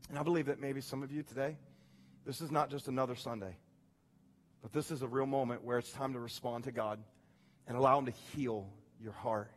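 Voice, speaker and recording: A man preaching a sermon in a church, moving from hushed, quiet storytelling to loud, rising preaching and prayer. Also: mid-range voice, fairly even intonation, a little fast. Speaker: pastor. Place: church sanctuary.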